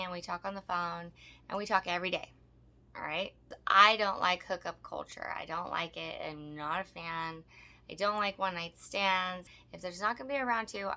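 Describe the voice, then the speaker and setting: A woman's voice: fairly low pitch, pushed and bright. A woman co-hosting a podcast, telling a story in casual chat, blunt and profane, often breaking into laughter. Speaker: podcast co-host.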